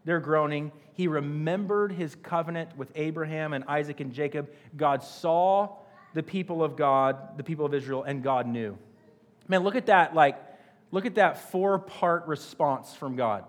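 A man preaching a sermon in an earnest, conversational way, often repeating himself as he finds the words. His voice sits a little high for a man. A long reverb trails every line, as in a large church hall. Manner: earnest, repeats and restarts phrases. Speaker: pastor.

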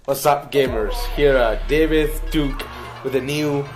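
A man's voice: medium pitch, unhurried, music in the background, voice pushed down, natural voice. A man voicing a hyped male gaming channel host, speaking in a mock-enthusiastic announcer tone.

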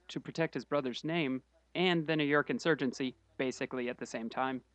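Man, podcast co-host, casual book recap, wry asides, dry close sound, mid-pitched voice. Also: a bit bright, no echo. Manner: quick summary delivery with wry asides.

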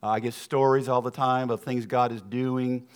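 A man's voice: medium pitch, little pitch movement, moderate pace, clean tone. A middle-aged man from the American South with a Southern accent, giving a sermon as a guest speaker in a church, folksy and earnest, telling stories with asides to the congregation. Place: church sanctuary.

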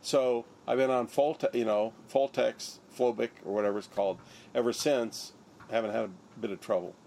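A man's voice: medium pitch, steady tone, moderate pace, gravelly, a little mellow, a little hiss or hum. An older man, a surgeon, recounting his story in an interview, acting out the lines of others. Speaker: interviewee, neurosurgeon.

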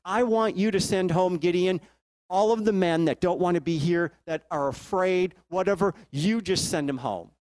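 A breezy, friendly God gives direct instructions, as a preacher puts him on. The voice is brisk and fairly high. It is recorded close and dry. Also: male voice, darkish tone, no echo, close to an everyday voice. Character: casual, friendly male divine voice giving orders.

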